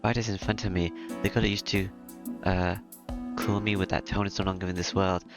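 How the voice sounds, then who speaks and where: Deep gravelly man reading a story. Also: fairly quick. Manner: plain, steady reading with frequent fillers and restarts. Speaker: reader of a visual novel. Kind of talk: reading a visual novel aloud. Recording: music playing behind.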